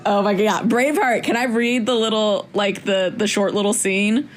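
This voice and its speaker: A woman's voice: medium pitch, steady tone, normal speed, slight background noise. A woman co-hosting a casual film podcast, playful and swearing, laughing easily. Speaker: podcast co-host. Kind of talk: casual chat.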